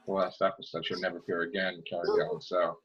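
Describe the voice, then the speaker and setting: A man chatting on a casual fan podcast, animated, exclaiming and laughing often. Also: low-pitched, fast. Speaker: podcast co-host. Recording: dull lo-fi sound.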